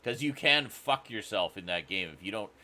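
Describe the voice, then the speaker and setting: A man's voice: lowish voice, lively intonation, moderate pace, pushed and bright. A man co-hosting a casual stream chat, reminiscing easily about old games and swearing in passing. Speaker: stream co-host.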